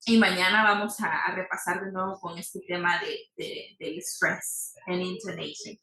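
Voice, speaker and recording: Bright-voiced bilingual English teacher, echoey. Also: female voice, on the low side, steady tone. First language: Spanish. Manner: switches between Spanish and English, repeats words slowly to model stress. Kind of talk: online class lesson.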